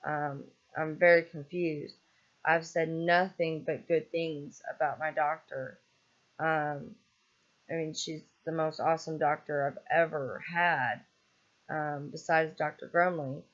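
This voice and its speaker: A vlogger delivers a casual, exasperated rant, rambling with plenty of ums and swearing freely. The voice is mid-range, and the audio sounds dull.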